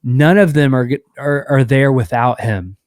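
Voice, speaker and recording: A man co-hosting a podcast, recapping a show's plot in a steady, casual way with fillers. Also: mid-range voice, unhurried, no echo, studio quality. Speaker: podcast co-host.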